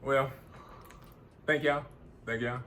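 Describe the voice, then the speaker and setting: A man giving a heartfelt speech, halting and earnest with stammered restarts. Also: mid-range voice, fairly even intonation, a bit bright, echoey room, slight background noise. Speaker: vlogger.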